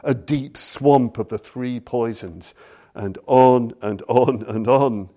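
A man lecturing on Buddhism, telling a story slowly and deliberately and reading passages aloud. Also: mid-range voice, mellow.

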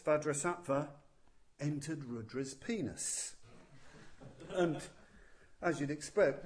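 A man telling a legend as a Buddhist teacher, unhurried and deliberate. His voice sits a little high for a man, and he drops in playful, chuckling asides to his listeners. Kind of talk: storytelling talk.

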